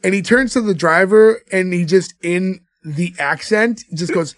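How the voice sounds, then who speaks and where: High-voiced man on a podcast. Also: a little slow, no room sound. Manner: relaxed, retells scenes, laughs often. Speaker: podcast co-host. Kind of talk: casual movie-review chat.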